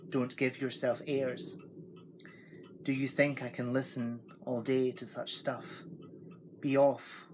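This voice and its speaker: A man's voice: mid-range voice, little pitch movement, slow, pauses often, a little mellow, slight background noise, close to an everyday voice, low-quality recording. A man playing a boastful old father. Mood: gruff.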